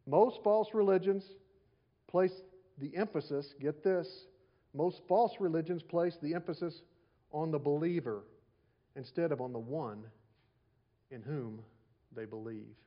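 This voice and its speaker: A pastor preaches in a conversational way, with rhetorical questions and repeated lines. His voice sits slightly high for a man. The recording sounds a little dull and lo-fi. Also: a little slow. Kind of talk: sermon.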